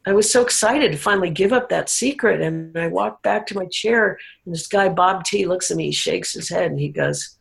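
A woman's voice: fairly low pitch, moderate pace, vocal fry, rough recording. A woman speaking as an interview guest, telling a personal recovery story in a candid, emotional way.

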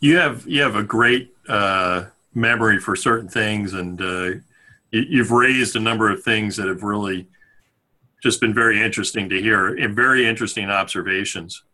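A man's voice: lowish voice, moderate pace, pushed and bright. A man in casual conversation, appreciative and somewhat hesitant.

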